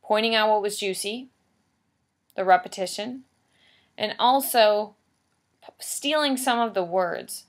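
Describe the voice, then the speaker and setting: In a recorded writing lesson, a woman teacher explains things patiently and repeats key points for emphasis. Her voice is medium-pitched and a little slow, with frequent pauses.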